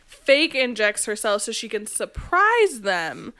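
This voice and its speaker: Female podcast co-host, bright and smooth; animated storyteller acting out quoted lines. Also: a little high, takes it slowly. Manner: animated storyteller, acts out lines, heavy use of "like". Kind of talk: casual chat recapping a movie.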